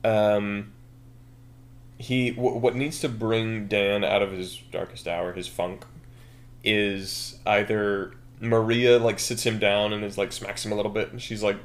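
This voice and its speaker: Low-voiced man brainstorming, laughing. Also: unhurried. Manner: animated, laughing, acts out scenes. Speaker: podcast co-host. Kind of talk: casual brainstorming chat.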